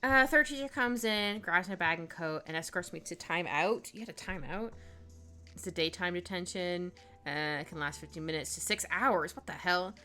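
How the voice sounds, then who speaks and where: A woman's voice: lowish voice, normal speed, bright, forceful tone, faint music behind. A woman chatting casually on a live stream while she draws, reading chat aloud, laughing often and trailing off mid-thought.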